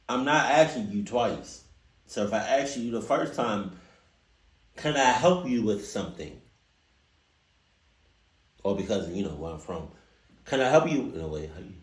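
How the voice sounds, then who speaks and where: A man reacting to a horror story, loud and animated, joking and swearing. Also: medium pitch. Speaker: reaction video host. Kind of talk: casual reaction commentary. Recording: echoey room.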